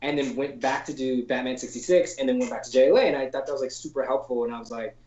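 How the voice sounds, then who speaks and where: A man, a storyboard artist, chats as a podcast guest in a loose, slangy voice, peppering his talk with "like" and casual swearing. He slips into animated voices when he quotes people. The call audio is roomy and a bit dull and lo-fi. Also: mid-range voice, quick pace. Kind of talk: casual anecdotal storytelling in an interview.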